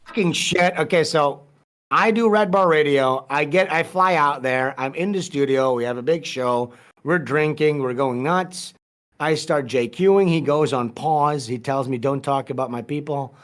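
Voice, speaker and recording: A man's voice: on the high side, measured pace, fairly bright tone. A man guest on a podcast, telling a long story in casual, profane, rambling talk with many restarts.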